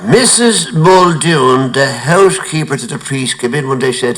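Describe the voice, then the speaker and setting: A man telling stand-up jokes in a lilting storytelling way, with quick punchlines and a chuckle now and then. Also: mid-range voice, animated, a bit bright, rough recording. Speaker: comedian. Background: audience laughter.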